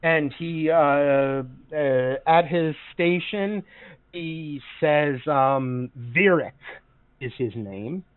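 A man's voice: fairly high pitch, extremely slow, clear, resonant tone, dry recording. A man running a tabletop game as game master, narrating in a chatty way with many fillers. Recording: dry, phone-like voice call audio.

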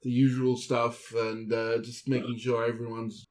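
A man playing a tabletop game, quietly and hesitantly describing a scene. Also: mid-range voice, level tone, measured pace. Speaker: player.

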